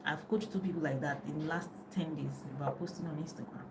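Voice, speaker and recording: Speaking fast in a low voice, a middle-aged life and business coach chats over a phone live video, often wandering off her point and laughing. Background noise can be heard.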